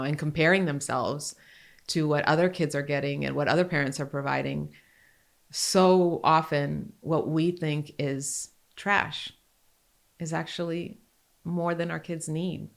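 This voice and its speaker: Low-voiced woman telling stories animatedly. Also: moderate pace. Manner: animated, grows excited then softens. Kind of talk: casual conversational storytelling.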